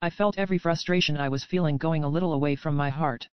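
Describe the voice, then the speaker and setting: Woman audiobook narrator, steady first-person reading, smooth tone, dry and slightly dull sound. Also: low voice, quick pace, no room sound.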